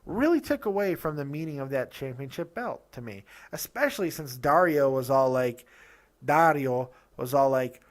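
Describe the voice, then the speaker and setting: A man reviewing wrestling shows in a loose, opinionated way, his voice swinging widely up and down as he rants. He talks a little high for a man and keeps breaking off into quick asides and restarts. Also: very animated. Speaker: host of a wrestling review show. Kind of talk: casual opinionated review talk.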